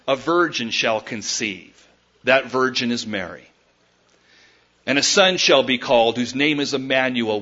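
A man preaching a sermon, emphatic, swinging between loud declarations and quiet asides and calling his listeners folks. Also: medium pitch, expressive, a little slow. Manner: addresses the listeners directly as folks. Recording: dull lo-fi recording.

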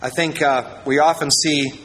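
A pastor from Iowa preaching a sermon, reading verses and adding jokey asides, swinging between loud and quiet. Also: male voice, fairly high pitch, fairly even intonation, unhurried, long reverb tail, a little hiss or hum, rough recording.

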